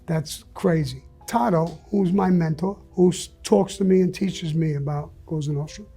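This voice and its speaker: A man being interviewed, telling a story bluntly and profanely in a casual, animated way. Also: a little high, normal speed, husky, faint music behind. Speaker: interview guest.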